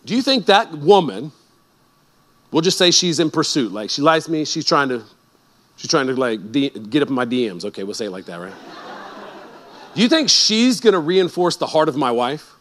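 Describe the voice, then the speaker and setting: A male pastor preaching a sermon in a conversational, animated way that builds to emphatic peaks. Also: a little high, moderate pace, pauses often.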